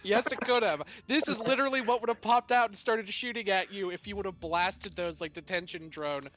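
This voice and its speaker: A man's voice: high-pitched, brisk, a bit bright. A man narrating a tabletop game as game master, loose and laughing, with lots of fillers.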